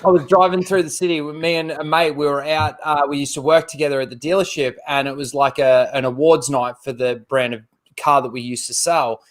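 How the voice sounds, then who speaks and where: An Australian man co-hosting a podcast, telling a crude story with a lot of energy. His voice sits a little high. He talks casually and swears freely. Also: fairly even intonation, a little fast, hardly any pauses. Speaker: podcast co-host.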